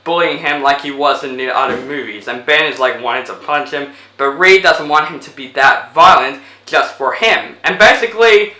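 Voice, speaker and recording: A man's voice: fairly high pitch, normal speed, hardly any pauses, sharp tone, roomy sound, rough recording. A man casually retelling a movie plot as a reviewer, rambling with lots of fillers. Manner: rambling, full of fillers like 'basically'.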